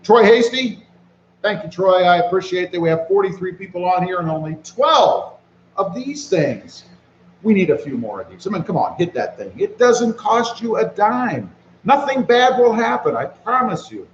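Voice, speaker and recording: Guy live streaming off his phone, kinda high voice, laid back, reads chat out loud, echoey dull audio. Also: normal speed, slight background noise. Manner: relaxed, reads chat aloud and greets viewers by name. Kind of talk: casual live-stream chat reading viewer comments. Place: walking around outdoors.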